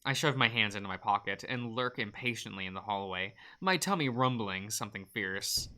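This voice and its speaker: A man's voice: fairly low pitch, animated, brisk, bright, forceful tone. A man hosting a let's play, reading a visual novel aloud with playful, wry asides between the narration.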